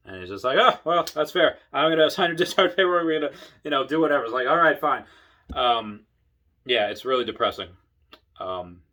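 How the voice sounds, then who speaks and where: A tipsy man telling long, winding stories about his time in the service, swearing freely. He slips into other people's voices and shouts their lines now and then. His speech wanders and restarts as he goes. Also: medium pitch. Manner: rambling, profane, acts out voices in bursts. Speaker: Air Force veteran telling stories. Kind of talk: casual storytelling to camera.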